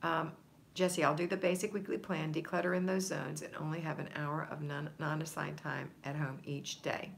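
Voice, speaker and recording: Low-voiced woman coaching on a livestream. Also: level tone, normal speed, creaky, a little hiss or hum. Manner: encouraging, conversational, coaching tone. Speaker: home organizing coach. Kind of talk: livestream chat reading viewer comments.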